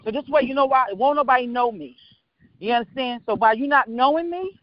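A woman with a very high voice rambles through her stories with animated energy. She is a small business owner chatting casually on a call-in radio show. The sound is dry and dull, like a lo-fi online stream. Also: fairly quick, no echo.

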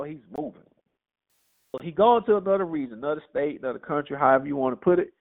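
A man teaching a Bible study in a lively, conversational way, reading verses and asking rhetorical questions. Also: fairly high pitch, creaky. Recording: tinny phone-like audio.

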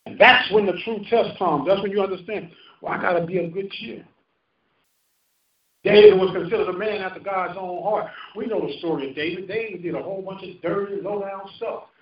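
A man's voice: high-pitched, fairly quick, few pauses. A man in his fifties preaching a sermon with call-and-response, rising and falling for emphasis. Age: 50s. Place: church sanctuary. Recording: roomy muffled church recording from a distance.

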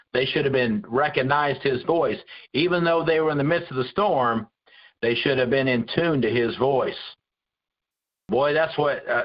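A man teaching a Bible study in a conversational preaching style, earnest and full of restarts and repeated words. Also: medium pitch. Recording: dull lo-fi recording.

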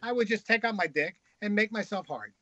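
A man, a guest author, telling crude, frank stories in a casual, animated way. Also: sits high, a little fast, no room sound, highs cut off. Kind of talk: casual anecdotal storytelling.

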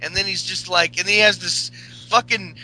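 A man's voice: sits high, steady tone, fairly quick, sharp tone, poor audio. A man co-hosting a casual podcast chat, meandering with lots of fillers and crude jokes. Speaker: podcast co-host.

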